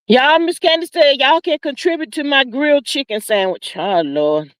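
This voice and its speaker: An older woman hosting a casual livestream chat, folksy and animated, calling her viewers honey and child. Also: high voice, moderate pace, no echo. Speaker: livestream host.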